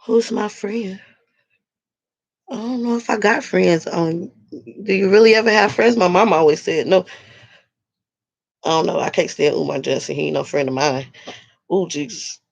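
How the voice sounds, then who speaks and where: A woman's voice: on the low side, normal speed, creaky, pauses often, breathy edge. A woman talking casually with her livestream viewers, blunt and profane. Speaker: livestream host reading chat.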